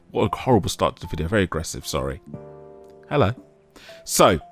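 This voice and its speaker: A man giving casual, self-mocking commentary over a game he is playing, now and then breaking into a shout. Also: on the low side. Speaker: gaming YouTuber.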